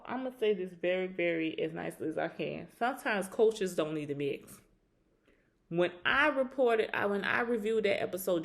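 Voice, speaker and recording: A woman casually recapping a reality show reunion, animated and acting out quotes in a higher voice.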